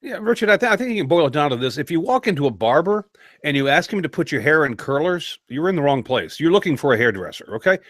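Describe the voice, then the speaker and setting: A man's voice: a little high, very animated, fast, a bit bright, no room sound, studio quality. A man co-hosting a podcast, joking and teasing with frequent laughter. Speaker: podcast co-host. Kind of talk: casual podcast chat.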